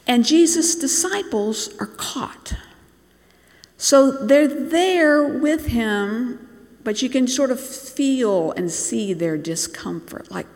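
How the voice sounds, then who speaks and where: A preacher who grew up in Bangladesh, telling a sermon as a story, slowing down and dropping to near-whispers to make a point. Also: mid-range voice, sing-song. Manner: storytelling, slows and drops to near-whispers for emphasis. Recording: long reverb in a large hall.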